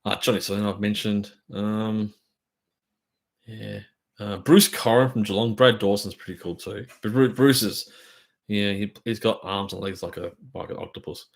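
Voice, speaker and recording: Low-voiced Australian man chatting casually. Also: steady tone, moderate pace, creaky. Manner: rambling, filler-heavy, enthusiastic storytelling. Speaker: drum channel host. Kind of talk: casual live-stream chat.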